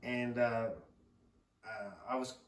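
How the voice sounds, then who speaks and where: A man's voice: mid-range voice, flat delivery, slow pace, slight background noise. A middle-aged man, a father, casually telling a rambling story on a podcast, laughing often and swearing freely. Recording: roomy sound from a distant mic.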